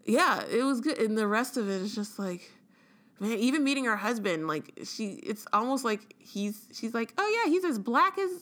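Animated woman in casual chat. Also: mid-range voice, moderate pace. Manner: animated, frank, quotes passages aloud. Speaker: podcast co-host.

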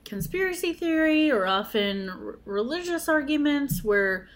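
A woman co-hosting a casual podcast chat, skeptical and quick to sum up the other host's points. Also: high voice, animated. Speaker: podcast co-host.

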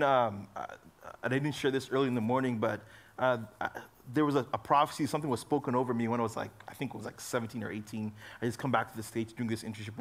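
A young adult man giving a youth sermon in a casual, conversational way, full of fillers, moving between loud emphasis and soft low asides. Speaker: youth pastor.

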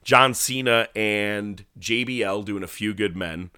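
Recorded cleanly in a studio without echo, this man speaks in a low, relaxed voice as co-host of a casual wrestling podcast. His storytelling is animated and profane, and he performs movie lines along the way.

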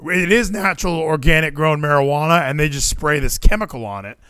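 A man's voice: fairly high pitch, fairly quick, clear, resonant tone, no echo. A man hosting a podcast, chatting casually and jokingly in a rambling way. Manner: rambling, animated, jokey. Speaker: podcast host.

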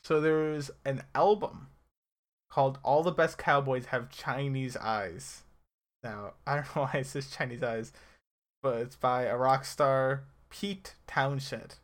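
A man's voice: mid-range voice, measured pace. A man co-hosting a casual chat about a TV episode, teasing his friend and laughing often. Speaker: podcast co-host.

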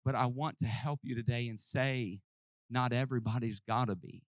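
A man preaching a sermon, acting out Bible scenes in voices and swinging from hushed, close talk to shouting. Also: medium pitch, steady tone, a little fast, no echo. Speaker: pastor. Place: church hall with congregation.

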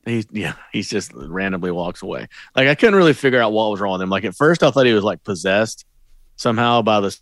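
A man's voice: fairly low pitch, expressive, fairly quick, a bit bright, no echo, clean studio sound. A man co-hosting a casual movie podcast, chatty and joking. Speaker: podcast co-host.

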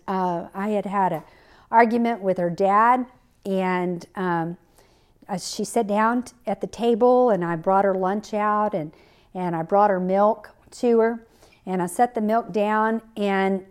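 A woman's voice: medium pitch, fairly even intonation, slow pace, clean tone. Earnest woman giving a devotional talk. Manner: earnest and personal, with many fillers and restarts. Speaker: podcast Bible teacher. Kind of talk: conversational devotional teaching.

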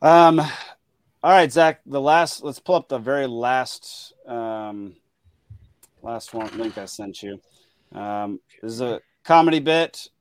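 A man's voice: mid-range voice, slow, clear, resonant tone, no room sound. A man hosting a casual late-night podcast, laughing often and trailing off with ums. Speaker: podcast host. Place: his home, alone with dogs.

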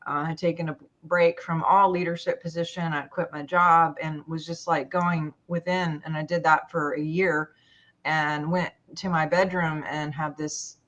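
A woman telling a personal story in a conversation, halting and full of fillers and restarts. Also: sits low, level tone, fairly bright tone. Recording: dull lo-fi sound.

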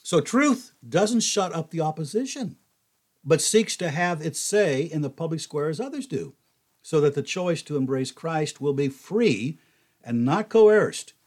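Older man, husky voice, folksy bible teaching, animated quoting. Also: fairly high pitch.

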